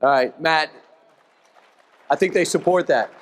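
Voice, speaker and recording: A man moderating a live panel, asking brisk, bantering questions. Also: fairly high pitch. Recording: long hall reverb.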